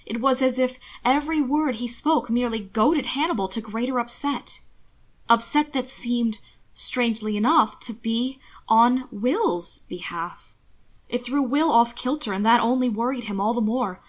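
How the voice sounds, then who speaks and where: A woman narrating an audiobook reading of fan fiction with expressive, measured storytelling. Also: on the high side.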